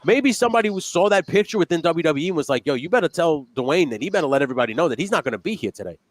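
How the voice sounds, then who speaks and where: A man's voice: fairly high pitch, expressive, racing, no echo. A man co-hosting a wrestling podcast, ranting in a heated and profane way. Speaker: podcast co-host. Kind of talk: casual wrestling chat.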